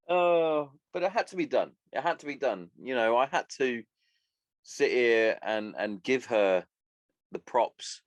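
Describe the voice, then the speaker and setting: A man's voice: mid-range voice, no room sound. A man in his thirties hosting a solo podcast, rambling and swearing casually as he chats. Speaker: podcast host.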